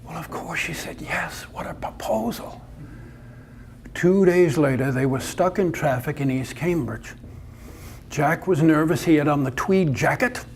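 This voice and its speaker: A man's voice: on the high side, unhurried, slight background noise. A man performing a dramatic told story, narrating it vividly.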